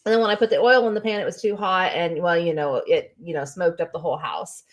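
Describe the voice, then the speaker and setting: A woman's voice: fairly low pitch, quick pace. A woman chatting casually, telling stories with many fillers. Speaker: co-host. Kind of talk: casual chat.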